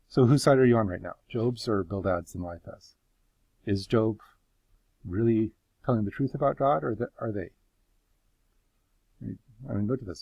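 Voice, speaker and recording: A man's voice: fairly low pitch, normal speed, vocal fry, long pauses, a little mellow, dry recording. A man giving casual Bible teaching, conversational and emphatic, putting questions to his listeners.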